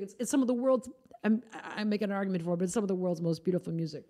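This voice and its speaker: A woman's voice: medium pitch, fast talker, warm tone. A woman from Iowa hosting a live music stream, chatting casually and explaining things as she goes. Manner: chatty, explaining, trails off and restarts. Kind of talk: casual chat.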